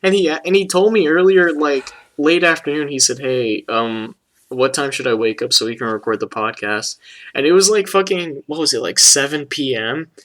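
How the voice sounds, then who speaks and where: Young man, bright forceful tone, casual rambling podcast talk, frequent swearing. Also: a little high, normal speed. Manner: loose, rambling, swears often, laughs easily. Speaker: podcast co-host. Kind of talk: casual chat.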